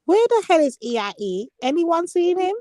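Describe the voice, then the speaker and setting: A woman's voice: very high voice, sing-song, normal speed, mellow, no echo, studio quality. A woman teasing and scolding the others in a casual live panel chat.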